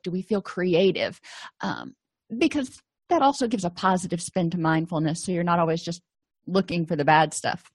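Middle-aged woman counselor, casual lecture delivery, mid pitch, dry close sound. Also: darkish tone, no echo. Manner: conversational, explaining with personal examples. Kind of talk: recorded lecture podcast.

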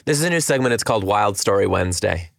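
A man co-hosting a podcast, chatting casually and retelling a story with animated acted-out quotes. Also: lowish voice, fast talker, vocal fry, dry recording, clean studio sound. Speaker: podcast co-host.

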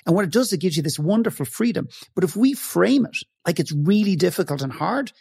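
A man's voice: high voice, animated, brisk, gravelly, a little mellow, slightly rough, dry recording, studio quality. A man speaking as a podcast guest, telling a story with emphasis, acting out the dialogue and swearing now and then. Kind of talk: passionate storytelling in conversation.

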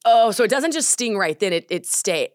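A woman's voice: mid-range voice, expressive, normal speed, darkish tone, dry recording. A woman co-hosting a podcast, reacting to a story with gasps and exclamations in a studio. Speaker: podcast co-host. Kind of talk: casual chat reactions. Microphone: studio mic.

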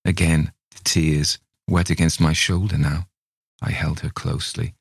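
A man reading a ghost story aloud in a measured, dramatic manner. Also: a bass voice, level tone, gravelly, breathy edge, no room sound, clean studio sound. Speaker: story reader.

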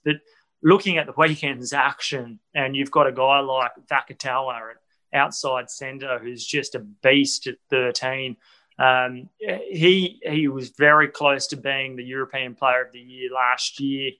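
A man's voice: medium pitch, fairly even intonation, a little slow, sharp tone, poor audio. A man, giving enthusiastic rugby analysis on a sports talk panel, with frequent restarts. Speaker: rugby pundit. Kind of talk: studio sports discussion.

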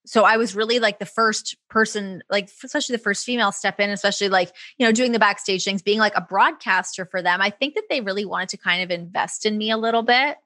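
A woman's voice: medium pitch, dry recording. A woman from Toronto, a broadcaster, chatting casually as an interview guest, laughing easily and telling stories with lots of fillers. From Toronto, Canada. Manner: chatty, quick to laugh, lively storytelling with many fillers. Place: her home.

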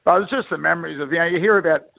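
A middle-aged Australian man with a gravelly, rough-edged voice tells yarns at a quick clip. He rambles in a colloquial, blokey way. He is heard over a thin, tinny phone line. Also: a little high. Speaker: retired rugby league player, guest. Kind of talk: phone interview, storytelling.

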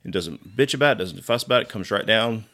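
Profane, animated male podcast storyteller. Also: lowish voice, fast talker. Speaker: podcast co-host. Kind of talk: casual podcast chat.

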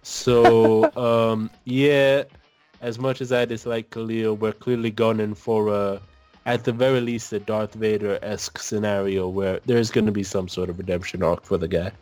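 Blunt, sarcastic low-voiced man. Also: little pitch movement, moderate pace, a little mellow. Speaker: podcast co-host. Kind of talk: casual chat.

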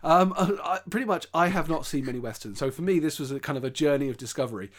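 A chatty man co-hosting a film podcast, with a slightly higher voice than most men. He talks in a loose, teasing way and laughs often. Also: expressive, fast talker. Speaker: podcast co-host. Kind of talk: casual chat.

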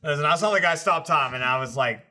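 A man's voice: on the high side, fast, pushed and bright. A man co-hosting a casual podcast, trading crude jokes. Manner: joking, crude banter. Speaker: podcast co-host. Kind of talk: casual chat.

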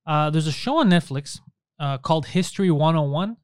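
A man's voice: on the high side, animated, a little fast, clear, resonant tone, dry recording, clean studio sound. A young Canadian man chatting casually on a podcast, a profane, mocking storyteller who acts out the people he quotes. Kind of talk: casual chat.

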